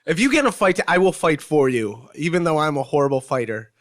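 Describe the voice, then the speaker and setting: A man from Cleveland, Ohio, answering interview questions, telling a story in halting bursts with many fillers. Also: on the high side, sing-song, music in the background.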